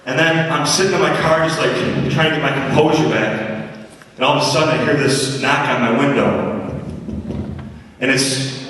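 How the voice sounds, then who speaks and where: Energetic man speaking in an echoey hall. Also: mid-range voice, normal speed. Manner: energetic, animated, acts out the voices in his stories. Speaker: motivational school speaker. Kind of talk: comic storytelling to students. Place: middle school assembly hall. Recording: echoey school hall from far off.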